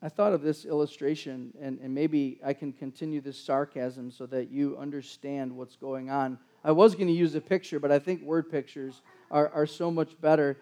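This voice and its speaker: High-voiced, mellow male preacher. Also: level tone, moderate pace, hardly any pauses. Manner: conversational preaching with sarcastic asides and repeated restarts. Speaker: pastor. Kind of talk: sermon.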